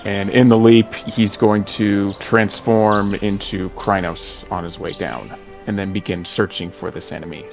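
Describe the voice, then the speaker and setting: Male player, low even voice, casual hesitant narration of his character's actions. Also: unhurried, gravelly, faint music behind. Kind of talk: casual tabletop role-play.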